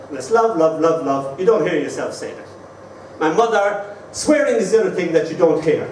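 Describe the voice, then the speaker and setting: An Irish poet reads his verse slowly and tells wry anecdotes between poems. He has a fairly high voice and sounds distant in a very echoey venue, with a faint hiss underneath. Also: expressive, darkish tone. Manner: wry, slow, measured recitation. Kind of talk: live poetry reading with anecdotes. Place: live performance venue. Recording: roomy hall from far off.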